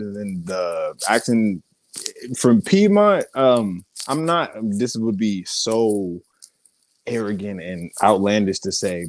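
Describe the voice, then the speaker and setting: A young man, talking in a fairly low voice. He tells stories in a casual interview and acts out the people he quotes, swearing freely as he goes. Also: no room sound. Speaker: guest artist and actor.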